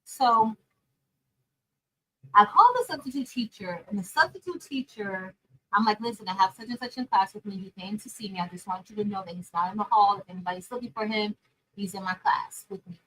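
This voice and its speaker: A woman chatting casually and telling a story straight to her viewers, animated, calling them y'all and girl. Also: medium pitch, brisk, poor audio. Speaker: crafting vlogger and teacher.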